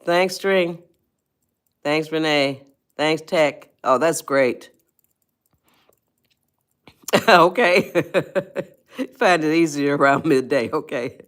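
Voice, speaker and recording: A woman's voice: sits low, slow, clean tone. A woman hosting a casual live stream, chatting with viewers and coaxing them to reply. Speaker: livestream host, life coach.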